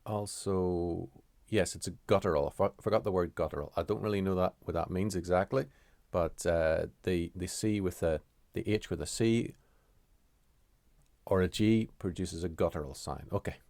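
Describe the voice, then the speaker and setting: A man teaching pronunciation in a deliberate, measured way, often pausing to correct himself. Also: low-pitched, gravelly, a little mellow, no echo. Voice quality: halting, with frequent fillers and self-corrections. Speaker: language teacher. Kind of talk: explaining pronunciation rules.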